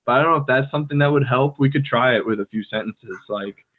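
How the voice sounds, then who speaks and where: A man with an American accent, co-hosting a casual podcast chat in a relaxed, rambling way with many fillers, heard over a video call. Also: mid-range voice, fast talker. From United States. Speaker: podcast co-host. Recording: tinny phone-like call audio.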